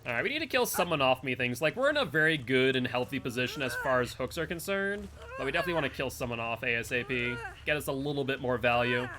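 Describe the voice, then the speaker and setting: Man, Northeastern US accent, live game streamer, rambling and chatty, bright tense voice. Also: medium pitch, expressive, quick pace, few pauses, slight background noise. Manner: rambling, chatty, talks to chat between plays. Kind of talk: live gameplay commentary and chat.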